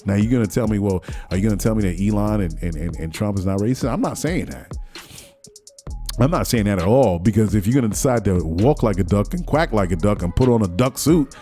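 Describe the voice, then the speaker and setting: Podcast host, man, low mellow voice, rambling repetitive commentary, stuffy with a cold. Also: animated, fairly quick, faint music behind. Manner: repetitive restarts, mocking quoted voices. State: has a cold, sniffling. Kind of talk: solo commentary rant.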